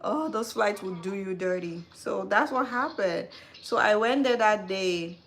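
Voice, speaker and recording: Woman, animated casual storytelling, calls the listener "girl", live stream chat. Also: medium pitch, a little slow.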